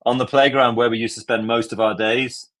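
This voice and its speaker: A man hosting a live software lesson, walking through steps in a chatty, joking way. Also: mid-range voice, level tone, a little fast. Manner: chatty, jokey, step-by-step. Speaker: tutorial host.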